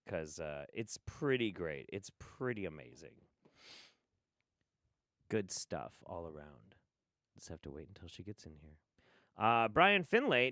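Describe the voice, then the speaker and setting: A man's voice: lowish voice, a bit bright, dry recording, studio quality. A man doing casual livestream commentary on clips, sarcastic and profane. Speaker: streamer reacting to clips. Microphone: studio mic.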